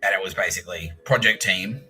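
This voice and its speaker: A man with an Australian accent hosts a solo podcast, rambling through a long, profane story and imitating the people he quotes. He talks fast in a low, sharp-toned voice over soft background music, and the recording quality is low.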